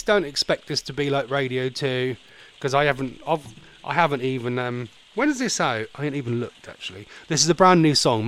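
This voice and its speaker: A man's voice: medium pitch, fairly bright tone. A man hosting a casual radio show, chatty, rambling and playfully theatrical. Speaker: radio host.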